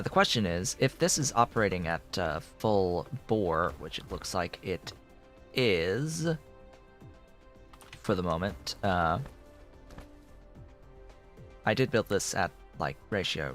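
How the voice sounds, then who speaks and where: A man in casual gameplay commentary, talking slowly and rambling as he works things out. His mid-pitched voice swoops up and down a lot. Soft music plays underneath. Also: expressive. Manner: rambling, talks to his cat in a high baby voice. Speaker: gameplay streamer. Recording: faint music behind.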